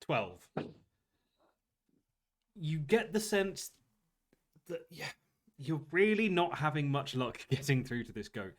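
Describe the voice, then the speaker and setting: A man narrating a tabletop game as game master, in a casual, halting way with lots of fillers. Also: fairly high pitch, very animated.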